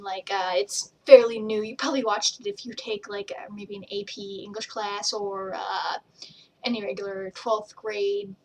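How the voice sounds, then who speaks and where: A young woman chatting casually to camera, rambling from one tangent to the next and acting out what people said. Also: medium pitch. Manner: rambling, jumps between tangents, acts out quotes. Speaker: vlogger and page admin. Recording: voice a bit distant from the mic.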